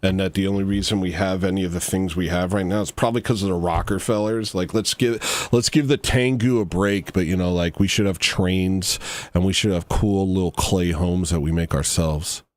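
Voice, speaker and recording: A man's voice: low-pitched, fairly even intonation, moderate pace. A man hosting a livestream, reacting to a video with rambling, mock-serious satirical commentary that trails off into asides.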